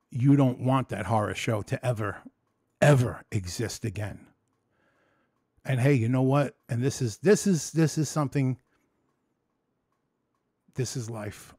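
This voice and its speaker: A man in a candid personal vlog who tells his story with emotion and rambles through many restarts and swear words. He swings between excited storytelling and low, quiet reflection. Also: breathy edge, dry recording, clean studio sound. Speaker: vlogger.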